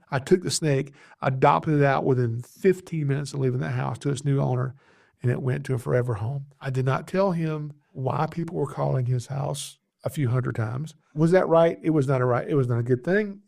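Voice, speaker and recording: A man, hosting a podcast and telling a story in a casual, animated way, laughing at himself often. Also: medium pitch, gravelly. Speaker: podcast host, reptile rescuer.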